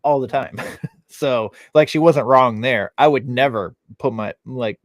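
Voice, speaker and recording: A man's voice: mid-range voice, a little slow, no room sound. A man in his thirties hosting a podcast, telling loose stories full of swearing and fillers. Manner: loose storytelling, heavy swearing, frequent fillers. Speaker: podcast host. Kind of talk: casual chat.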